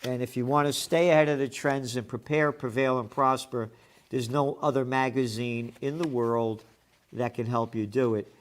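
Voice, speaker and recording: A man's voice: medium pitch, fairly even intonation, moderate pace. A man hosting an opinionated news commentary show, blunt and sarcastic, with profane heated outbursts. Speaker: host of a trends commentary show.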